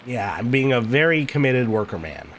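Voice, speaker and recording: A man's voice: mid-range voice, very animated, normal speed, a little hiss or hum. A man streaming a game, chatting loosely and swearing freely as he plays. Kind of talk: casual game commentary.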